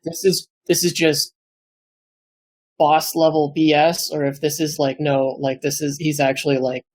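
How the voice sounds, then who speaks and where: Rambling player, mid pitch, dry close recording. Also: little pitch movement, measured pace, dry recording. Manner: rambling with many fillers. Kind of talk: casual tabletop game chat.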